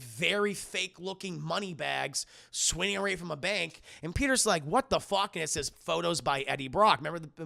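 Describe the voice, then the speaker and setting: A man's voice: a little high, creaky. A man streaming a casual film commentary to his chat, retelling scenes with heavy swearing and acted-out lines into a close microphone. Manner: profane, excitable retelling, acting out scenes. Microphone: close desk microphone.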